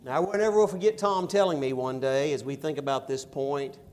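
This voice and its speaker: A middle-aged man preaching a sermon and reading scripture, with emphatic stresses and quiet asides. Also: mid-range voice, fairly quick. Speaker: pastor.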